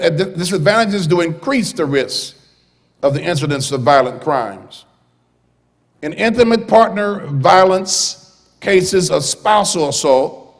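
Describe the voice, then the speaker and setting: A man preaching a sermon as pastor from the pulpit, starting calm and building to loud, shouted preaching. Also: high voice, creaky, in a large hall. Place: church sanctuary.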